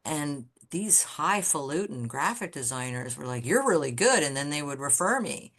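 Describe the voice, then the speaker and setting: A woman guest on a podcast, telling candid stories about her design career in a blunt, swearing, animated way. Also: deep voice, moderate pace. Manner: animated storyteller who acts out quoted people. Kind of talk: casual storytelling interview.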